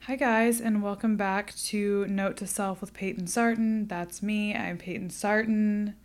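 A woman's voice: mid-range voice, fairly even intonation, measured pace, faint music behind. A young woman hosting her own podcast, chatting candidly and casually, swearing and laughing as she talks. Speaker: podcast host. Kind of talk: casual solo podcast chat.

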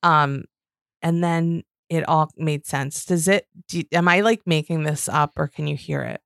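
A woman's voice: deep voice, steady tone, unhurried, fairly bright tone, clean tone, no room sound, studio quality. A woman co-hosting a podcast, chatting casually and animatedly, laughing often and swearing freely. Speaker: podcast co-host. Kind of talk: casual chat about reality TV.

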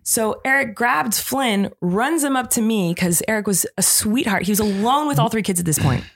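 A woman's voice: a little high, expressive, moderate pace. A woman in her thirties co-hosting a podcast, telling family stories in a chatty, laughing way. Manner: chatty storytelling, laughs often. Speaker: podcast co-host. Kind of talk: casual chat.

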